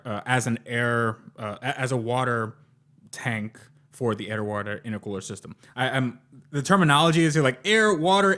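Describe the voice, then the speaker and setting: A man's voice: mid-range voice, fairly bright tone. Rambling jokey podcast host man. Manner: rambling, jokey, lots of fillers and restarts. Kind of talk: casual car podcast chat.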